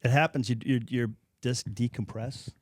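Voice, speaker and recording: A man in his fifties from Nebraska tells long, rambling stories and pokes fun at himself in a loose, casual way. His pitch sits in a middle range. The sound is dry and close, with no room echo. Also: fairly even intonation, moderate pace. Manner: rambling storyteller, self-deprecating. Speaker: comedian, podcast guest. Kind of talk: casual storytelling chat.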